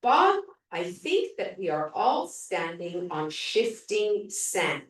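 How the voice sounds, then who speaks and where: A middle-aged woman muses slowly and earnestly, searching for her words, as a woman reads her lines aloud. The voice rings through a very echoey room, caught from a distance. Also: on the low side, sing-song.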